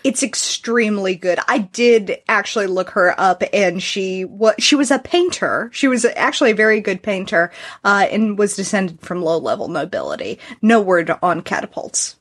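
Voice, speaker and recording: A woman in her thirties hosting a podcast, chatting casually with wry, deadpan humor. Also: mid-range voice, normal speed. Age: 30s. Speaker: podcast host. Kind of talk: casual chat.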